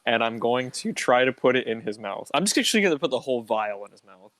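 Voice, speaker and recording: A man playing a tabletop game, joking in a deadpan, playful way. His pitch swings widely, and the sound is close and dry. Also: fast talker, dry recording. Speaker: player. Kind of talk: casual tabletop play.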